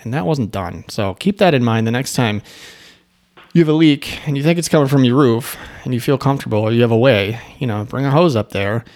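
A man's voice: mid-range voice, fairly quick, darkish tone. A man who owns an agency, telling a story in a casual, rambling way with asides and restarts. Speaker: agency owner.

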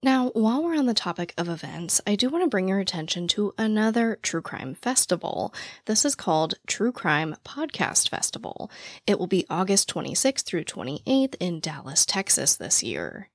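A young woman hosting a podcast in casual chat, with a naturally raspy voice, talking very fast and out of breath. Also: medium pitch, very animated, no echo, studio quality. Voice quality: naturally raspy voice with vocal fry. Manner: talks very fast, breathless and rambling. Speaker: true crime podcast host. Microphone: podcast mic, standing while recording.

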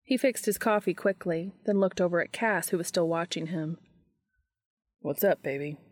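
A woman reading a story aloud in a soft, even storytelling manner. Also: fairly low pitch, a little fast. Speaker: narrator.

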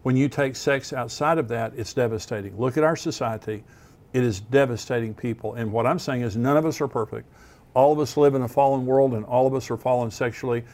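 A man's voice: medium pitch, darkish tone. A man preaching as a pastor, giving earnest, plain-spoken teaching with some restarts. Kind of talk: sermon.

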